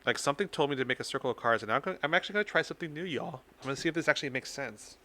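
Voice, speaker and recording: A man's voice: fairly high pitch, animated, racing, bright, forceful tone, slight background noise. A man hosting a casual tarot reading live stream, playful and teasing with his viewers.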